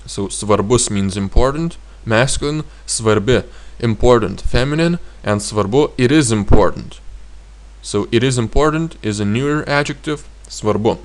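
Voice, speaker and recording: A man with a Lithuanian accent teaching grammar in a slow, halting way with frequent fillers. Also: mid-range voice, animated. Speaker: language teacher.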